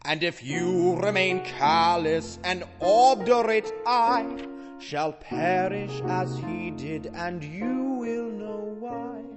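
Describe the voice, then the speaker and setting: Lovesick comic suitor, a woman plays him, doleful slow singing with guitar, long stage echo. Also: lowish voice. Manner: florid pleading declamation, slow doleful singing. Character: lovesick comic man, timid and pleading. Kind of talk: comic operetta stage acting and song. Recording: long hall reverb, guitar accompaniment.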